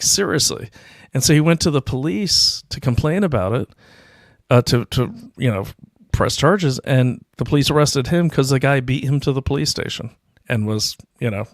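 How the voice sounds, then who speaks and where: A middle-aged man runs his own livestream on a desk mic, rambling through anecdotes and reading viewer comments with casual self-deprecation. His medium-pitched voice has vocal fry, and the self-produced sound is studio quality with no echo.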